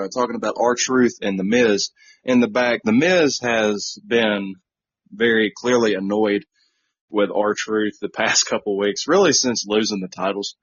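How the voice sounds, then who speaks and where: A podcast co-host recaps a wrestling show casually, packing his talk with fillers and jokey asides. His voice is on the low side and a bit bright, captured in a dull, dry, lo-fi recording with no echo.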